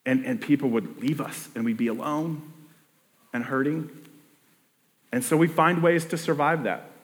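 Conversational preacher in a big echoing hall. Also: male voice, fairly high pitch, measured pace. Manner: conversational preaching with many restarts and acted-out inner voices. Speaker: pastor. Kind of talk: sermon.

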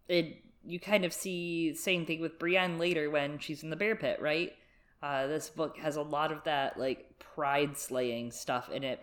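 A woman co-hosting a podcast, recapping a book in a wry, jokey way. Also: low voice. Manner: wry, jokey, puts on voices in quotes. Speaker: podcast co-host. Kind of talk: casual book discussion.

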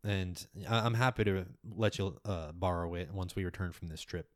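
A man's voice: low-pitched, no echo, studio quality, close to an everyday voice. Man doing a formal, mysterious scholar guide. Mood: earnest. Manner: measured, formal, hesitant.

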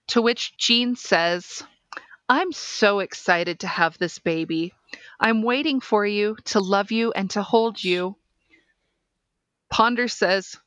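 A woman podcast host reading a case transcript aloud in a measured, deliberate way. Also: mid-range voice, fairly bright tone, no room sound.

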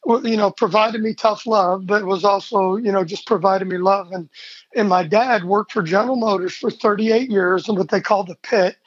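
A man's voice: high-pitched, normal speed, slightly rough, no echo. A man in his forties from Michigan, a podcast guest telling a family story with energy and acting out the voices in it. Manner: energetic, animated storyteller who acts out quoted dialogue. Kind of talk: casual storytelling interview. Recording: dull, slightly lo-fi dry sound.

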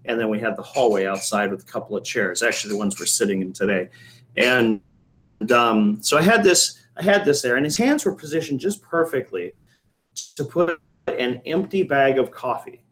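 A man's voice: medium pitch, animated, moderate pace, a bit bright, poor audio. A middle-aged man, a coffee shop owner, telling a rambling anecdote in casual chat, with many fillers and restarts.

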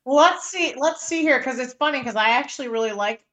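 Throat-clearing woman musing over writing. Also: sits high, brisk, a bit bright. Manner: frequent throat clearing, thinking aloud with ums. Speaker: podcast co-host critiquing writing. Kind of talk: casual chat.

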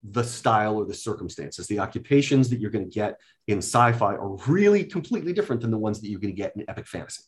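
A man, a guest, explaining things step by step in a casual talk, often pausing with "um". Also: on the low side, expressive. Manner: explains methodically, with many hesitations and "um"s. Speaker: guest, card deck inventor.

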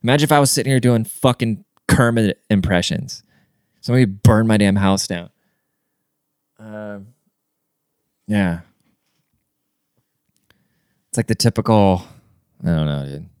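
A man talks through his solo podcast in a loose, rambling way, swearing freely and filling his sentences with "like" and "dude". His voice comes across smooth and clear, recorded close to the mic in a dry space. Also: on the low side, measured pace, long pauses, a little mellow, no room sound. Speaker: podcast host. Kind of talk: casual podcast monologue.

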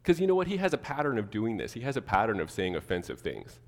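A man preaching a sermon to his church, animated, acting out the people he quotes. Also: fairly low pitch, fast talker, long reverb tail. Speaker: pastor.

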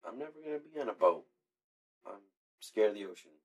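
A man joking and riffing in a relaxed chat with a friend. His voice is a little husky and his pitch swings around a lot as he talks, and he curses casually. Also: fast talker. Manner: joking, animated, swears casually.

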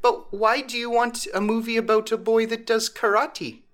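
A man voicing a fussy, doting elderly grandmother with a high, fluttery, insistent voice. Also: level tone, moderate pace, fairly bright tone.

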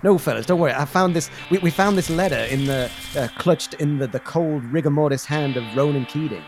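A man's voice: on the high side, fairly quick, darkish tone, faint music behind, natural voice. Man doing a jittery, stammering townsman. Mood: nervous. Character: nervous male Western townsman. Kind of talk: comic game role-play.

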